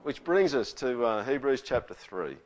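Animated man preaching a casual sermon. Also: mid-range voice, moderate pace, highs cut off. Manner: conversational, animated, asks the listeners questions. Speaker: pastor.

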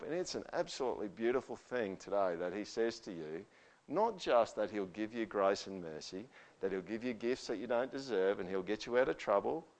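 A male pastor preaching a conversational sermon to his church. He checks in with tag questions and swings from quiet, earnest talk to forceful, emphatic declarations. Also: medium pitch. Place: church service.

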